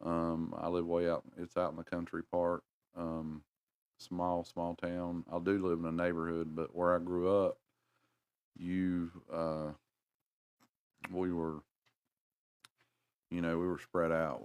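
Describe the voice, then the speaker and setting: A man's voice: low voice, little pitch movement, unhurried, pauses often, a little mellow, clear, resonant tone. A middle-aged man with a North Carolina Southern accent, chatting casually on a livestream in a rambling, folksy way and talking to his viewers. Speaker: livestream host.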